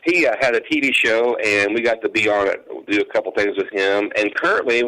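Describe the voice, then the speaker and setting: Easygoing low-voiced country man. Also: expressive, brisk, pushed and bright, low-quality recording. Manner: easygoing, rambling, many restarts. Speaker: guest, country musician and hay farmer. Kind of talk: casual radio interview.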